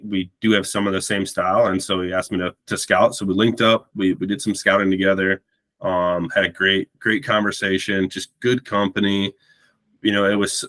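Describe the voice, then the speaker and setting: A man's voice: low voice, bright, forceful tone. A man, a podcast guest telling a long story in a rambling, casual way and acting out the dialogue. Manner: rambling, repeats words while recounting.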